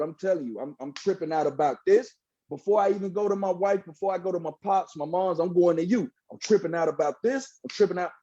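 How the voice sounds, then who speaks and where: Earnest preachy man, mellow husky voice. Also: on the high side, highs cut off. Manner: preachy, earnest, says "bro" often. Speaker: guest, former pastor turned hip hop artist. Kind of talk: casual testimony in a podcast interview.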